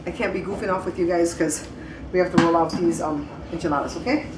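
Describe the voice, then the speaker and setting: A woman's voice: lowish voice, fairly even intonation, fast talker, very noisy. A woman hosting a home cooking show in casual chat, chatty and repetitive, talking to viewers as guys. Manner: chatty, repeats words, addresses viewers as guys.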